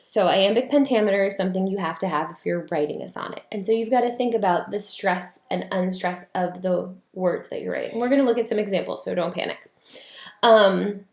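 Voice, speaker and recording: A woman's voice: mid-range voice, creaky, echoey room. A woman teaching an online class in a casual, explanatory way with many fillers.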